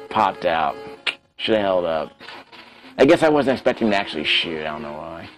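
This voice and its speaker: Chatty low-voiced man commentating gameplay. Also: animated, brisk, faint music behind, poor audio. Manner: chatty, self-critical, talks to himself while playing. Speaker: let's play host.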